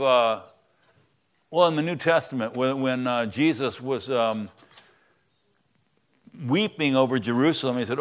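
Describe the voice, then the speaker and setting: A pastor with a medium-pitched voice preaches a conversational sermon in a church, swinging between loud, stressed words and quiet asides.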